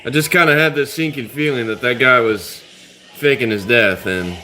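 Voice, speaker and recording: A man's voice: mid-range voice, moderate pace, bright, forceful tone, soft background music. Laid-back man chatting on a live stream. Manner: rambling, laid-back, chats with commenters. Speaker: livestream host. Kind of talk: casual live-stream chat with viewers.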